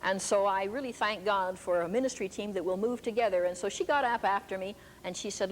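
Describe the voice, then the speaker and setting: A woman's voice: mid-range voice, fairly quick, few pauses. An older woman preaching a sermon, telling stories emphatically. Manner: emphatic storytelling. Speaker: preacher and teacher. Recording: echoey hall with faint background noise.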